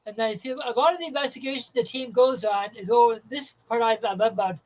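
A man from Canada, a psychic medium guest on a chat show, talking in a halting way and stumbling over words. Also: very high-pitched, low-quality recording. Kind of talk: casual chat.

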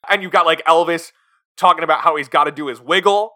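A man's voice: on the high side, fast talker, bright, forceful tone. A man co-hosting a podcast, chatting casually about a film and acting out scenes in put-on voices. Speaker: podcast co-host. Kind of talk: casual film review chat.

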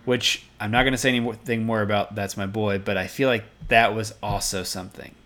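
A man hosting a film podcast in a relaxed, rambling, self-deprecating way. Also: fairly low pitch, brisk. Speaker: podcast host. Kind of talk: casual podcast chat.

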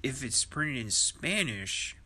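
A man's voice: medium pitch, sing-song, slow, pushed and bright, slightly rough. A man hosting a podcast in a rambling, profane monologue, laughing to himself. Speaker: podcast host.

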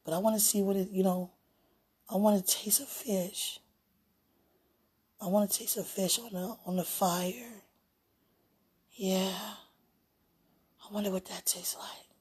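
A woman talking aloud in a casual, rambling way, drifting between hushed and loud. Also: medium pitch, steady tone, a little slow, long pauses, slightly rough. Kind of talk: casual spoken prayer and chat.

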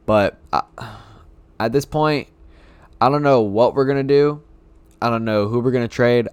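A man's voice: on the low side, steady tone, unhurried, a little mellow, clean tone, no room sound. A man talking casually on his own about his baseball team, rambling and repeating himself like a frustrated fan. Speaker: sports fan podcaster. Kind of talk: casual solo sports talk.

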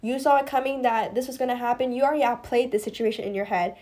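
Young woman, late teens, podcast host, slightly high voice, casual rambling advice, lots of filler words. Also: fairly even intonation, fast talker, darkish tone. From US East Coast. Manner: rambling, heavy use of "like" and "you know", addresses listeners as guys.

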